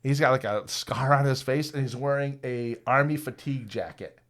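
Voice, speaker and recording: A man's voice: mid-range voice, normal speed. A man from Northern New York, telling a story in a casual podcast chat and acting out the people in it. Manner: animated, laughing, lots of acted quotes. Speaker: podcast co-host.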